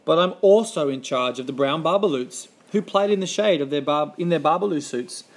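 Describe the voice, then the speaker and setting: A man's voice: a little high, a little fast. A man voicing a small, grumpy male forest guardian who scolds indignantly in a storybook reading. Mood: scolding.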